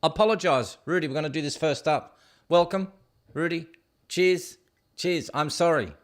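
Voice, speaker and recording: A man's voice: on the high side, normal speed. A man hosting a casual show, rambling and joking as he stumbles over hard place names. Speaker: show host. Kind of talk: casual rambling video commentary.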